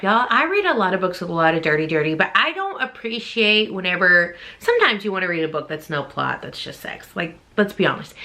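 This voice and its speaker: A woman's voice: mid-range voice, pushed and bright. A young woman, chatting casually in a book vlog, gushing and full of fillers. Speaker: book vlogger.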